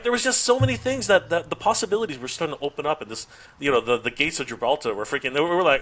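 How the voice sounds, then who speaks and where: A toy YouTuber guesting on a podcast talks rapid-fire in a voice on the high side. He tells his story casually and with animation, acting out quoted lines, laughing often, and restarting again and again.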